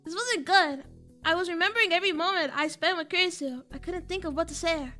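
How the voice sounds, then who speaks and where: A woman's voice: very high voice, brisk, sharp tone, soft background music. A young woman streaming a game, joking dramatically and reading its text aloud in a casual chat.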